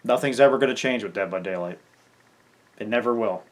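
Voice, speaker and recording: A man's voice: lowish voice, a little fast. A gaming content creator venting in an angry farewell rant, swearing and stumbling over his words.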